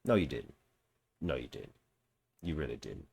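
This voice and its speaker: Deep guy reading an article and roasting it, swears a lot, voice swings all over. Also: very animated, moderate pace, creaky, darkish tone, husky. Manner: blunt, mocking, swears, reads quotes aloud then reacts. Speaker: commentary host. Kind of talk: casual reaction commentary reading an article.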